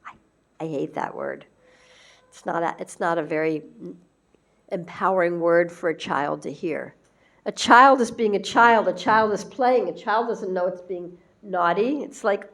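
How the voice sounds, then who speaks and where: A woman spiritual teacher gives a gentle devotional talk in a conversational style, acting out the lines she quotes. Her voice is on the low side, and she speaks at a normal speed.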